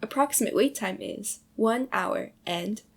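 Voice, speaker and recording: A woman's voice: on the high side, a little slow, slightly rough. A woman voicing a curt, unhelpful automated phone-line voice in a comedic short film, clipped and dismissive. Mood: dry, dismissive.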